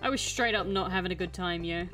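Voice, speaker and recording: A woman's voice: fairly low pitch, quick pace, a bit bright, soft background music. A young woman chatting casually while streaming a game, telling an exasperated story. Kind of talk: casual gameplay chat.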